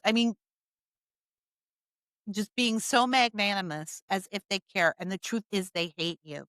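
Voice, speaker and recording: Woman, political commentary, emphatic, sarcastic, mid-pitched, dry close sound. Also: a little slow, pauses often, a bit bright, clear, resonant tone, dry recording. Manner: emphatic, repeats points, sarcastic. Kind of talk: opinion monologue.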